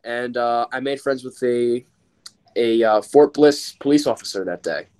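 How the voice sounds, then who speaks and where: A man's voice: medium pitch, a little slow, a little mellow, clean tone. Rambling man from Long Island. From Long Island, New York. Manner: rambling, filler-heavy, restarts a lot. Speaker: podcast co-host. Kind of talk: casual storytelling.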